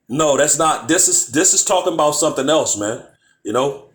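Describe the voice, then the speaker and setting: A man's voice: fairly high pitch, lively intonation, a bit bright. Man teaching scripture in casual talk. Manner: conversational, peppered with "man, you know"; reads verses slowly and deliberately. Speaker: bible teacher.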